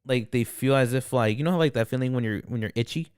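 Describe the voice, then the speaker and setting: A young man chatting loosely on a podcast, circling his points with restarts and swearing. His voice is smooth and clear. The sound is dry and close. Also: medium pitch, fast, darkish tone, no echo. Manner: rambling, swears a lot, many restarts. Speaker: podcast co-host. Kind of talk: casual chat.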